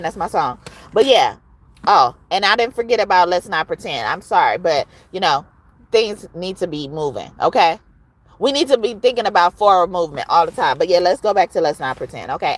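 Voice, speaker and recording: A woman's voice: fairly low pitch, a little fast. Chatty woman giving a tarot reading. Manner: expressive, chatty, rhyming recital. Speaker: tarot reader. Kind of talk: casual spiritual reading.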